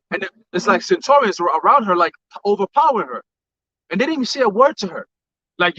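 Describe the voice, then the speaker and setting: Fast-talking high-voiced man telling stories. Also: no room sound. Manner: animated storytelling with acted quotes. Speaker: co-host. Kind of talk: casual religious talk chat. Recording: dull lo-fi sound.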